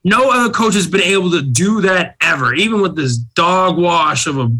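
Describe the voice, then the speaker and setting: Dude with a bright, kinda high voice chatting football, laid-back, says bro a lot. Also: male voice, expressive, moderate pace, poor audio. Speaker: podcast co-host. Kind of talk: casual sports chat.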